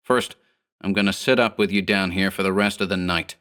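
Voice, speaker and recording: A man's voice: sits low, steady tone, a little fast, a bit bright, clean tone. A man doing a sneering 1930s gang boss. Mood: scornful. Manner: 1930s gangster slang, snarling. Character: short slick male gang boss, scornful.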